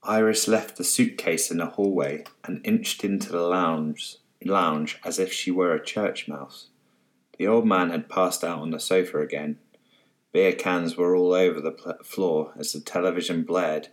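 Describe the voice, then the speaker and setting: Soft-spoken male author reading a story. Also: low voice, fairly even intonation, a little slow. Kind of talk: scripted storybook narration.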